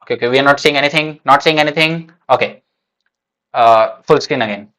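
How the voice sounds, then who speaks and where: A man's voice: medium pitch, brisk, bright, forceful tone. A man streaming a live reaction, thinking aloud in a casual, hesitant way with lots of fillers and restarts. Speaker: streamer reacting to a manga chapter.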